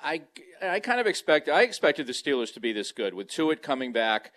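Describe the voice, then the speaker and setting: Male radio guest phoning in from home; halting, rambling analyst. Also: on the high side, very animated, fairly bright tone. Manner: rambling, halting, many restarts. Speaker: guest on sports talk radio. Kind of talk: casual sports talk over a remote mic. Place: at home, beside a kitchen. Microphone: handheld microphone.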